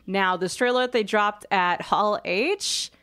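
A woman with a smooth, clear voice chatting casually as co-host. She teases her partner dryly and gives her opinions quickly. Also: medium pitch, fairly bright tone. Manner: wry, teasing, quick opinions. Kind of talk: casual chat.

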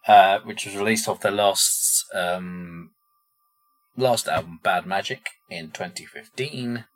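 A man with a very low, deep voice talks through songs in a casual podcast chat. He is relaxed and loose, thinking aloud and leaning on filler words as he goes. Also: takes it slowly. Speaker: podcast co-host presenting the songs.

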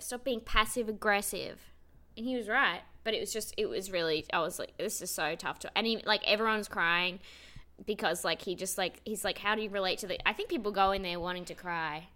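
A young Australian woman co-hosting a podcast over a video call, telling rambling stories and acting out the people in them. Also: mid-range voice. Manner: animated, rambling storyteller who acts out quotes. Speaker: podcast co-host. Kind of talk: casual chat.

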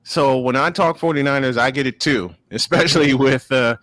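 A man from Chicago hosting a casual sports chat, animated and quick to laugh. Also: mid-range voice, no echo. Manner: lively, animated, laughs often. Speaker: host.

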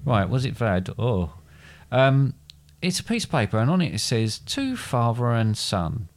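Playful dad with a lively voice. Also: male voice, mid-range voice, normal speed. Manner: playful, jokey, rambling asides. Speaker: podcast co-host, the father. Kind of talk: casual chat.

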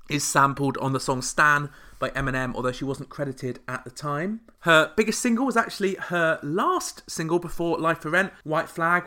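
Bright sarcastic podcast host. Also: male voice, a little high. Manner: sarcastic, deadpan asides. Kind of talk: comedic podcast commentary.

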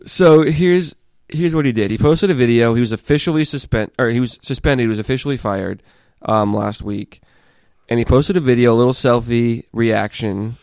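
A man co-hosting a casual podcast, laying out a story step by step in a measured way. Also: mid-range voice, a little mellow, no echo. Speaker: podcast co-host.

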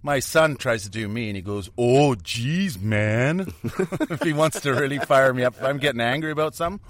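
A man's voice: medium pitch, fast talker, fairly bright tone. A man from Canada, chatting casually as a podcast co-host, joking and swearing as he goes. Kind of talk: casual chat.

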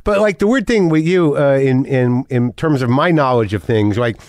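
A man's voice: mid-range voice, lively intonation, moderate pace, darkish tone, no room sound, clean studio sound. A middle-aged man hosting a podcast, talking casually in a rambling, self-deprecating way with lots of restarts and asides. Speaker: podcast host. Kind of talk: casual conversational monologue and interview.

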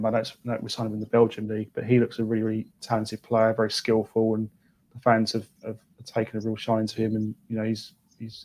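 A man's voice: lowish voice, a little mellow. A man, a football fan guest on a podcast, speaking hesitantly with many ums and restarts. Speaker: guest, fan channel presenter. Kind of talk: casual podcast interview.

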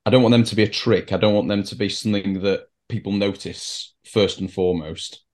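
Measured man, lowish voice. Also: fairly even intonation, darkish tone. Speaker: podcast host. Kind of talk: casual chat.

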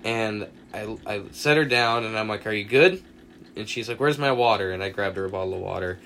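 A young man with a lowish voice talks a little fast over a slight hiss or hum. He's a podcast co-host telling a long story in casual chat, animatedly acting out the quoted lines and swearing often.

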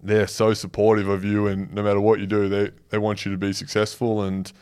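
A man, a pro athlete guest on a podcast, answering in a relaxed, measured way. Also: lowish voice, clear, resonant tone. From Australia. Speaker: professional basketball player guest. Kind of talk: casual chat.

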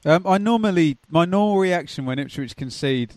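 Playful man hosting, slightly high voice. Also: lively intonation, normal speed, a little mellow. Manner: playful, teasing, runs the show. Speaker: football podcast host. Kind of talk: casual podcast banter.

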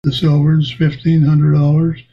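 A man's voice: on the high side, completely flat delivery, moderate pace, vocal fry, breathy edge. An older man, a lawyer and guest, telling courtroom stories in an earnest, folksy way. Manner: earnest, folksy, retells courtroom scenes with quoted voices. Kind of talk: casual interview storytelling. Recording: dull lo-fi audio with loud background noise.

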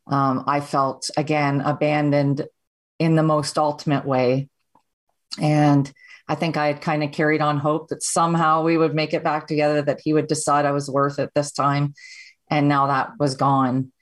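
A woman's voice: deep voice, flat delivery, moderate pace. A Canadian woman, a podcast guest, candidly and steadily recounting her personal story.

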